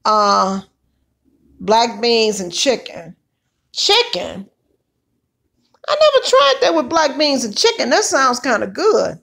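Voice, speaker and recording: A woman hosting a casual livestream, chatty and hoarse from allergies, exclaiming and calling out to her viewers. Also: on the high side, huge pitch swings, takes it slowly, pauses often, a bit bright. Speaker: livestream host.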